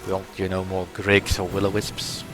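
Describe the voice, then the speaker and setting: Brief: male let's player, lowish voice, easygoing running commentary, game music underneath. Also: moderate pace. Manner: relaxed, muttering asides while playing. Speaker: let's play host. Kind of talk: casual gameplay commentary.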